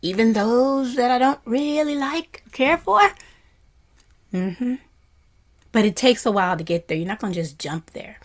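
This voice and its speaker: Woman meditation teacher, gentle and reflective, often hushed to a whisper, lively on happy asides. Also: fairly high pitch, moderate pace. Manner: animated when voicing happy quotes. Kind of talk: dharma talk to a class.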